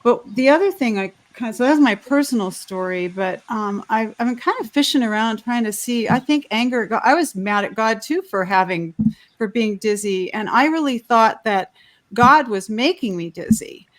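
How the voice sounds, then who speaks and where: A woman's voice: a little high, expressive, moderate pace. A woman sharing her personal story on a panel over a video call, rambling and heartfelt, with frequent restarts.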